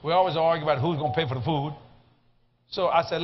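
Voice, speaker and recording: Animated folksy preacher with a South Louisiana accent. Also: male voice, a little high, fast, pauses often. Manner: animated, folksy, comic storytelling. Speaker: guest preacher. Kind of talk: sermon storytelling. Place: church service. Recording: slightly muffled recording.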